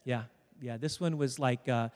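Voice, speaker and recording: In a church sanctuary with long reverb, a pastor preaches to his congregation, telling a story and joking with the crowd. His voice is mid-range and darkish, and he speaks at a normal speed.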